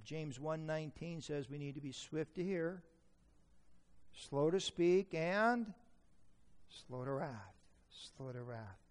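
A man's voice: a little high, darkish tone. A man preaching a sermon to an audience, humorous and asking them questions. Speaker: preacher teaching on parenting. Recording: echoey hall reverb.

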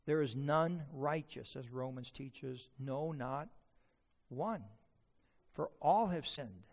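A man's voice: on the high side, gravelly, a little mellow. A man preaching a sermon, emphatic, asking rhetorical questions and quoting scripture. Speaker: pastor.

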